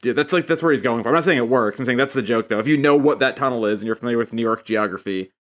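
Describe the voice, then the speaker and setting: A man's voice: mid-range voice, very fast. A man in a casual podcast chat, explaining jokes at length to his co-hosts. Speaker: podcast co-host.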